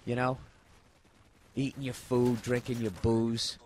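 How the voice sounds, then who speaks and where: A man's voice: medium pitch, level tone, slow pace, a little mellow, a little hiss or hum. A man in his forties telling a comic story in a profane, exasperated rant. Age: 40s. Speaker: comedian. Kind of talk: comedic storytelling monologue.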